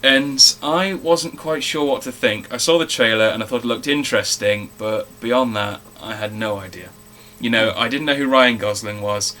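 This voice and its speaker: A man's voice: mid-range voice, moderate pace, sharp tone. A man co-hosting a casual film review chat, talking in a chatty way and swearing freely.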